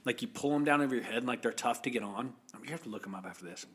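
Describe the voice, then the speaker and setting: A man co-hosts a casual podcast, rambling in a jokey way with lots of filler words. His voice sits in a middle pitch and sounds bright. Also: rapid-fire, slightly rough. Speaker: podcast co-host.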